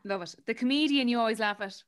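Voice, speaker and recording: An Irish woman hosting a podcast, giggly and quick to react while chatting with a guest. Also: a little high. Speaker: podcast host. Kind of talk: casual interview chat.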